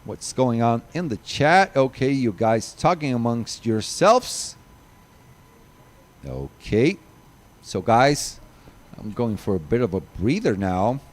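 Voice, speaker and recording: A man's voice: medium pitch, big pitch swings, takes it slowly. A man commentating live kart races, reading long lists of drivers and chatting to viewers, running out of breath. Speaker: race commentator.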